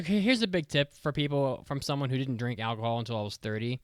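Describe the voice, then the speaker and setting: A man in his thirties co-hosting a podcast, chatting casually in an excitable, rambling, jokey way. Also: medium pitch, quick pace, clear, resonant tone, no echo, studio quality. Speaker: podcast co-host. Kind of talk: casual chat.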